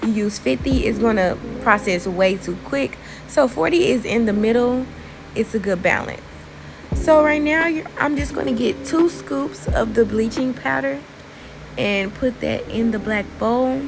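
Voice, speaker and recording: A woman's voice: fairly high pitch, unhurried, gravelly, noisy background. A young woman chatting informally through a hair tutorial voice-over, using casual slang and talking straight to her viewers. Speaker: beauty vlogger.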